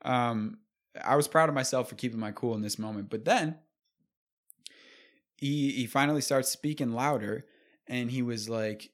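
A young man telling a comedic story and ranting, profane and animated, often laughing. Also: medium pitch, normal speed, long pauses.

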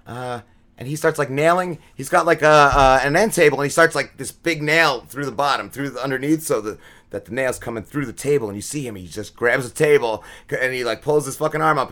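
A man's voice: mid-range voice, sharp tone. A man on a podcast giving a casual, rambling recap of a TV episode, full of fillers, restarts and swearing. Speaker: podcast co-host.

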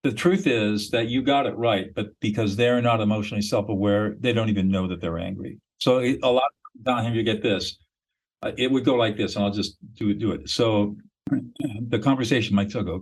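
A man's voice: lowish voice, fairly quick, breathy edge, low-quality recording. A man, a mediator and podcast guest, explaining his method in a blunt, emphatic, instructional way.

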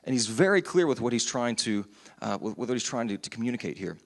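A man's voice: mid-range voice, big pitch swings, fast. A man preaching a sermon in a church, earnest and conversational with frequent restarts. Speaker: pastor. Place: church sanctuary. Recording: long church hall reverb.

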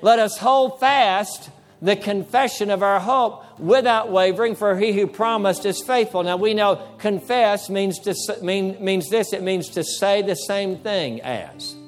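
A man's voice: high voice, measured pace, hardly any pauses. A male pastor preaching a sermon, emphatic, repeating key phrases and acting out short dialogues with the devil.

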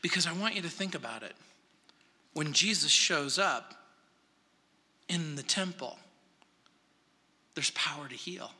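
A man preaching a verse-by-verse sermon in a church sanctuary, dramatic, swinging between loud emphasis and hushed asides. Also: fairly high pitch, expressive, measured pace, long pauses, husky. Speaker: pastor. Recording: long hall reverb.

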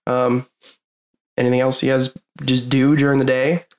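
A man's voice: medium pitch, monotone, moderate pace, reverberant. A young man narrating as game master, casual and hesitant with frequent ums.

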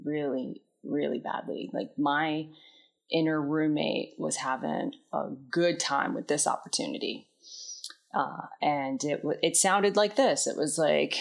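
A woman telling a candid personal story in a reflective, introspective way, often trailing off into soft, quiet phrases. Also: low-pitched, unhurried, creaky. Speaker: vlogger.

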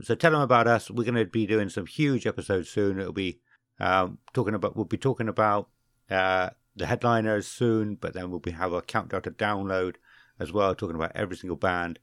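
A man co-hosting a podcast, joking around, stumbling over and correcting his words, reading names in a slow, drawn-out way. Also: fairly low pitch, a bit bright, no room sound, clean studio sound. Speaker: podcast co-host. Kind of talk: casual podcast chat.

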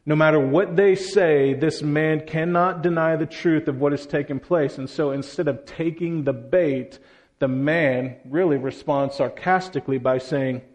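Male pastor, higher-pitched, expressive sermon delivery that dramatizes quoted lines. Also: unhurried.

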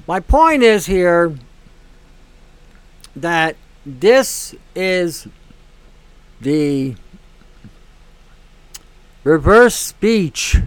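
This man hosts a show and speaks in a high, clear, resonant voice with no echo in the recording. His opinionated monologue is a blunt rant that keeps repeating itself and is full of swearing.

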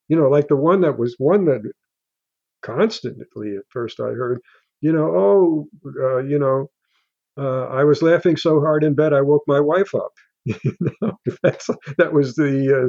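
An older man talks in a mellow, soft-edged voice, stopping and restarting his sentences as he goes. The sound is dry and slightly dull. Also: medium pitch, no room sound. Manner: halting, with many restarts and fillers. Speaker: guest author. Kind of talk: casual interview talk.

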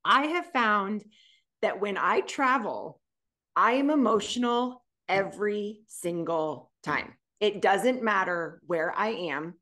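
A woman's voice: medium pitch, expressive, takes it slowly, bright, forceful tone. A middle-aged woman co-hosting a podcast, talking in a heartfelt, gushing way. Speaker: podcast co-host. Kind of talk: casual chat.

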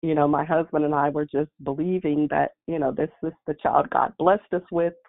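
Woman, gravelly, earnest faith testimony, heartfelt, phone-like audio. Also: low-pitched, flat delivery, normal speed. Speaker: guest sharing a testimony. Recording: tinny phone-like line.

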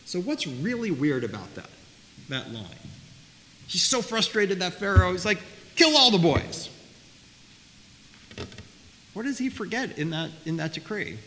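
A man teaching a Bible study class, talking in a lively way, often repeating words and asking his listeners questions. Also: sits high, normal speed. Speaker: Torah teacher. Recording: faint hiss, long reverb.

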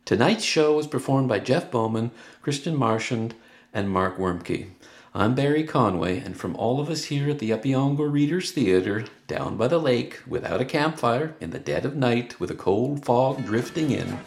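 A man's voice: medium pitch, expressive, moderate pace, creaky, roomy sound. A man hosting, giving a teasing, spooky closing announcement for a story show. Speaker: host.

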